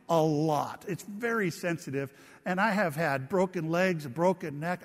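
A man preaching a sermon, telling funny stories with lots of animation and laughing at his own tales. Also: sits high. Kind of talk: humorous sermon storytelling. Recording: long reverb of a large hall.

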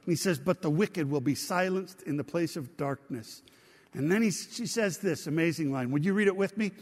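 A man's voice: a little high, normal speed, darkish tone, big-room sound. A man preaching a sermon as pastor, reading scripture aloud and drawing the congregation in with questions. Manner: engaging, asks the congregation questions.

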